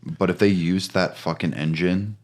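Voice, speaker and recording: Deep voiced guy on a game podcast, jokey, swears a lot. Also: fairly even intonation, normal speed, darkish tone. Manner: joking, profane. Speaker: podcast co-host. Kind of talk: casual chat.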